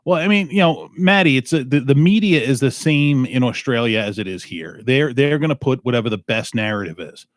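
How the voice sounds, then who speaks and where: Male podcast host, middle pitch, profane and loose, dry close sound. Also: expressive, a little fast, hardly any pauses, dry recording. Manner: blunt, swears freely, riffs loosely. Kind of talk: casual profane chat.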